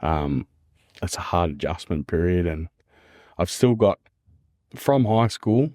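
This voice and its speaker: A man's voice: low voice, lively intonation, takes it slowly, long pauses, a little mellow, no echo, clean studio sound. An Australian man talking earnestly and candidly as a podcast guest, repeating phrases and calling the listener "man" and "mate". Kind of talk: candid casual conversation.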